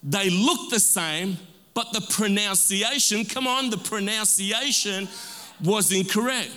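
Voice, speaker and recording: A pastor with a high, bright, forceful voice preaches a sermon in a church sanctuary, calling for amens and drawing out key words for emphasis in call-and-response style. The recording carries the long reverb of a large hall.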